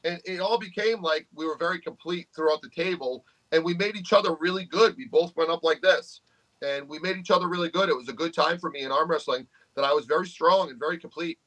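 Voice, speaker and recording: A man's voice: a little high, fast, a bit bright, rough recording. A man with a New England accent, co-hosting a podcast in casual chat, blunt and swearing freely, joking between points. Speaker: podcast co-host. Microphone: studio microphone.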